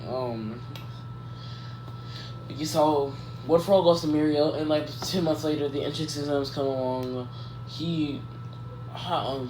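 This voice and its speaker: A man casually improvising a fan story out loud, rambling and correcting himself as he goes. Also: fairly high pitch. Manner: rambling, self-correcting, lots of "like" and "um". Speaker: YouTuber telling a fan story. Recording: echoey room with faint background noise.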